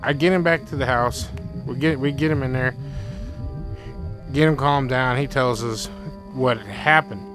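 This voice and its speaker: A man's voice: medium pitch, normal speed, long pauses, poor audio. A young man telling a frightening personal story in casual talk, rambling and repeating himself, with faint music behind. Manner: rambling, repeats himself, quotes friend in excited bursts.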